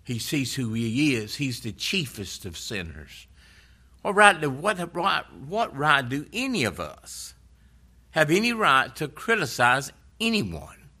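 A man delivers a sermon with a very bright, sharp-edged voice at an ordinary middle pitch. He preaches earnestly and conversationally, retelling scripture stories to his listeners. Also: very animated, slow pace, breathy edge.

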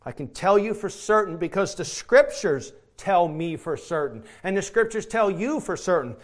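Preacher, male, high voice, fervent sermon delivery with big dynamic swings. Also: expressive, moderate pace. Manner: emphatic, swings from quiet to shouting.

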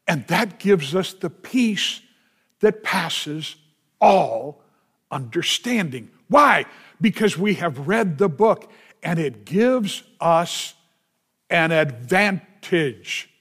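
A man's voice: fairly high pitch, expressive, extremely slow, fairly bright tone, slightly rough. A male pastor preaching a sermon, with emphatic delivery, repeated refrains and rhetorical questions.

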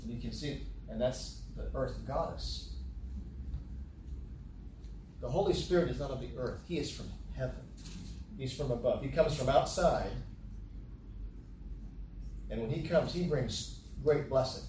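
A pastor delivers a sermon of Bible teaching, reading scripture aloud and repeating key phrases for emphasis. His mellow voice is medium-pitched at a normal speed. Captured by a distant camera in an echoey hall, the audio carries a little hiss or hum.

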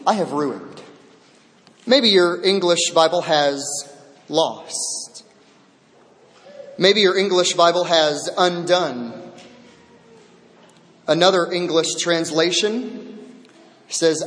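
A man preaching a sermon as pastor, swinging dramatically between loud proclamation and hushed near-whisper. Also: on the high side, expressive, very slow, long pauses. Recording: long echo of a large hall.

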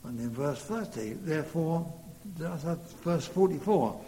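A man's voice: on the high side, expressive, normal speed, hardly any pauses, dark tone. A man preaching a sermon earnestly, leaning hard on key words. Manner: earnest, rising to emphatic stresses. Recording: long reverb in a hall, faint hum.

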